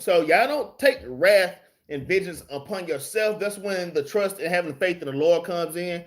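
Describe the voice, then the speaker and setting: A man with a fairly high voice runs a casual Bible study into his phone. He talks streetwise and slangy, drops curses mid-lesson, and keeps calling his listeners y'all and man. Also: animated, moderate pace. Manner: slangy, streetwise, swears freely while preaching. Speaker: Bible class teacher.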